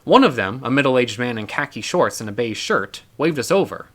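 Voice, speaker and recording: A man reading his own novel aloud in an expressive first-person narration. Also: mid-range voice, normal speed. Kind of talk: audiobook narration.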